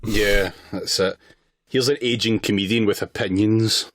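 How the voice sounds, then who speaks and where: A man's voice: fairly low pitch, steady tone, unhurried, fairly bright tone, no room sound. A man co-hosting a podcast in casual chat, making dry, laconic remarks. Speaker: podcast co-host.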